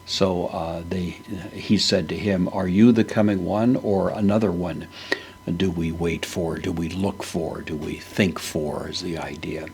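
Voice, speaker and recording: Deep, gravelly man teaching slowly. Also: steady tone, a little hiss or hum. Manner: slow and deliberate with frequent fillers. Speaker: Bible teacher. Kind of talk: verse-by-verse Greek word study.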